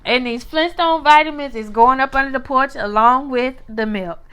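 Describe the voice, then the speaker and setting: A woman's voice: high-pitched, normal speed, very noisy. A woman co-hosting a casual chat, teasing and playful. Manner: teasing, playful, country-talking. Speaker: podcast co-host.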